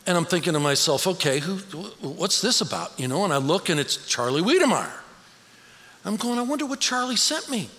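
A man's voice: a little high, fairly bright tone. A middle-aged man giving a conversational, storytelling sermon as a guest speaker in a church. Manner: conversational, storytelling, emotional at times. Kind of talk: personal sermon talk. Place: church sanctuary. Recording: church hall reverb, faint ambience.

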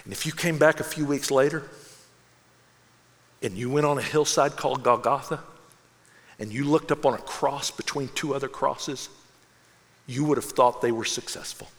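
A man preaching a sermon as an animated storyteller, acting out the voices in his story and dropping to a hush for solemn moments. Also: medium pitch, normal speed, pauses often, big-room sound. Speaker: pastor.

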